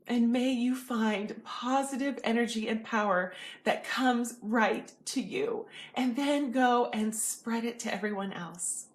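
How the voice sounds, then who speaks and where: A woman hosting an inspirational video, speaking gently and earnestly to viewers. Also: high voice. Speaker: motivational video host. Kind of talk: heartfelt direct-to-camera encouragement.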